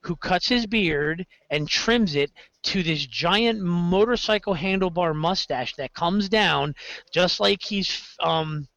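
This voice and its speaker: A man talks at length in a casual podcast chat, circling back and correcting himself mid-sentence. His voice sits a bit high, and the recording is dry with no room echo. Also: takes it slowly, vocal fry, muffled recording. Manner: rambling, self-correcting, animated storytelling. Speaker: game master guest.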